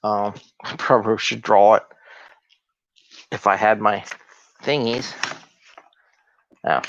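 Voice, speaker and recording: A man's voice: fairly low pitch, steady tone, slow, vocal fry, a bit bright, lo-fi sound. A man hosting a live solo video talk as an agile coach, talking in an upbeat, conversational way and asking his viewers rhetorical questions.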